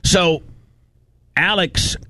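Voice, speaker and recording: A man's voice: sits high, drawn-out words, dry recording. A ranting man hosting a radio show. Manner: animated storytelling, ranting, profane. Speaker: radio talk show host. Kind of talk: casual studio chat. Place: radio studio.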